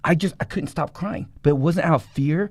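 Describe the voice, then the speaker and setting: A man's voice: on the high side, slightly rough, no echo. A man, a former gang member, giving a blunt and profane personal testimony in a conversation. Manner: blunt, profane, rapid storytelling.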